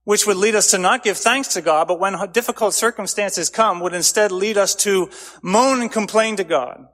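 A man preaching with a slightly higher voice than most, earnest and driving. He builds his phrases up loudly, then drops to a low, quiet close. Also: moderate pace. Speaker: pastor. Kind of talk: sermon.

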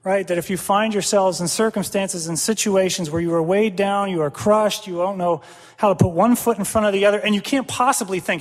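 Male pastor, animated sermon delivery, high-pitched, long reverb of a big hall. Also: moderate pace. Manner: animated, acts out quoted prayers and dialogue, laughs often.

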